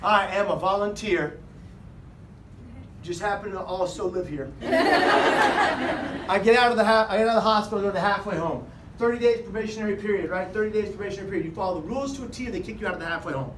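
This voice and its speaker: A man telling a comic personal story to a live audience, acting out other people's voices and shouting some lines. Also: sits high, fast talker. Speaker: speaker. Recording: echoey hall with noise, mic far off.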